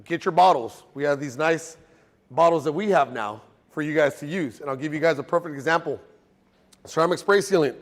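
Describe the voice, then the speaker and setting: Man, detailing instructor, slightly high voice, casual and joking, classroom teaching. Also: fairly quick, in a large hall. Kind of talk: classroom teaching to a live group.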